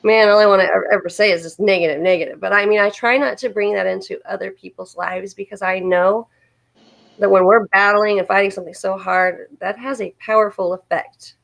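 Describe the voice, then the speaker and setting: A woman's voice: mid-range voice, steady tone, a little fast, vocal fry, fairly bright tone, poor audio. A woman co-hosting a livestream, talking casually in an earnest, encouraging way and often repeating herself. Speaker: livestream co-host. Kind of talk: casual supportive chat.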